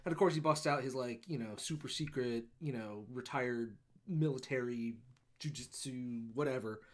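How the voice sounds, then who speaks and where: A man on a casual film podcast swears and rants with energy, narrating the story and voicing characters in quotes. His pitch sits in the middle and his pace is moderate.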